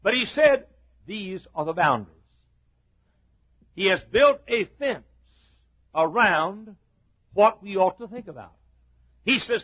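A middle-aged man preaching a sermon as a pastor, building a repetitive cadence that rises to shouts. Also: high voice, animated, unhurried, pauses often, breathy edge. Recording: dull lo-fi recording.

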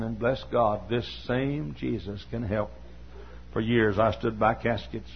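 An older man preaching a sermon, telling a story haltingly with fillers and then rising into fervent preaching. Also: mid-range voice, slightly rough. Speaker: pastor. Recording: dull lo-fi recording with faint hum.

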